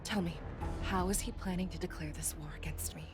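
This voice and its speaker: An actress playing a stern, fierce female general in a video game, speaking in a measured, commanding way. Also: fairly low pitch, fairly even intonation, over music, lightly acted.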